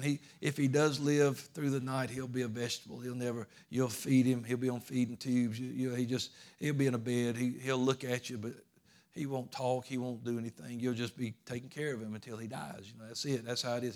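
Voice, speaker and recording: A pastor preaching a sermon, telling a story that swings from hushed, low asides to emphatic, raised declarations. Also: male voice.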